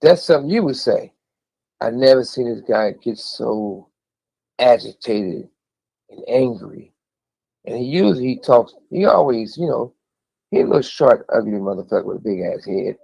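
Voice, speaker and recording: A man's voice: medium pitch, lively intonation, normal speed, gravelly, warm tone, slightly rough, poor audio. A man speaking from prison, telling a long story in a blunt, rambling, profane way. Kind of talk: storytelling recollection.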